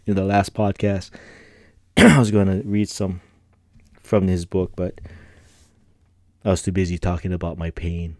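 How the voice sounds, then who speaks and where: On his podcast, a middle-aged man rambles easily through personal tales, his low voice mellow, with plenty of laughs and slang. The recording is dry and close, with no room around it.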